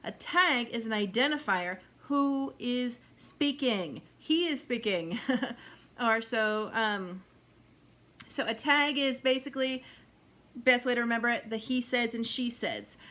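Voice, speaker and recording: A woman's voice: a little high, unhurried, fairly bright tone. A woman giving a chatty video lesson on fiction writing, acting out example lines of dialogue and laughing now and then. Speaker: writing instructor. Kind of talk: explanatory video talk.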